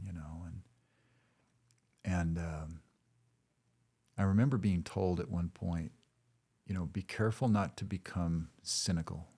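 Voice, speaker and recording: A man's voice: sits low, vocal fry, darkish tone, husky. A middle-aged man, a former counselor and guest, speaking thoughtfully in a casual conversation. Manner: thoughtful, measured, with frequent restarts.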